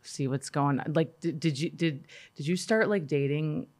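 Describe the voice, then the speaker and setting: A woman's voice: sits low, normal speed. A woman hosting an interview, asking questions and giving short, approving responses. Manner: warm affirming, lots of "yeah" and "so good". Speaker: host. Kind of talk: conversational interview.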